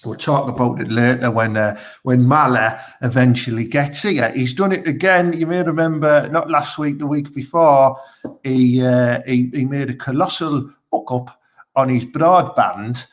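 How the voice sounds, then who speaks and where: A man with a Teesside accent hosts a live online comedy show, rambling through crude, casual chat and leaning on "you know what I mean". His voice is medium-pitched and his pace measured.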